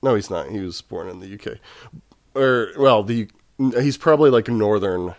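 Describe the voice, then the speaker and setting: A man's voice: fairly low pitch, animated, moderate pace, darkish tone, no echo, clean studio sound. A man from Texas in casual podcast chat, rambling with many fillers. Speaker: podcast co-host.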